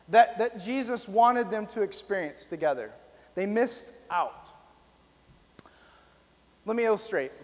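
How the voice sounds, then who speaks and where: A man with a very high, light voice preaches to a congregation. He tells stories in a chatty, animated way, full of little fillers. His voice rings out with a long reverb from the hall. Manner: animated storytelling, lots of fillers. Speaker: pastor. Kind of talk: sermon. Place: church hall, live audience.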